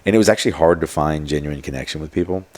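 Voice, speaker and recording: Fast-talking low-voiced man. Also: darkish tone, slight background noise. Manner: rambling, many fillers and quoted asides. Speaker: podcast guest. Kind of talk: casual storytelling.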